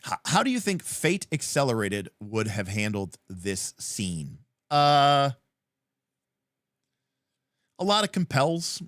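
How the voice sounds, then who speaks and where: A man co-hosting a livestream, chatting casually about tabletop games, rambling with lots of fillers and acting out scenes in quick voices. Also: fairly low pitch, dry recording, clean studio sound. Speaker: livestream co-host.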